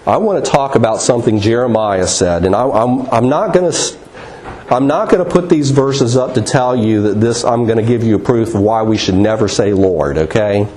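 A man giving a slide-based Bible teaching talk, earnest, with restarts and slow, drawn-out emphasis on key words. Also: medium pitch, a little mellow, echoey room, slight background noise, rough recording.

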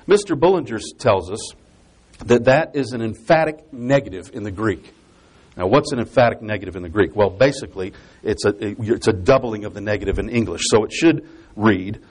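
A man's voice: lowish voice, animated, a little fast, a little mellow, breathy edge. A man preaching a Bible exposition sermon. He repeats key phrases for emphasis and explains scripture step by step.

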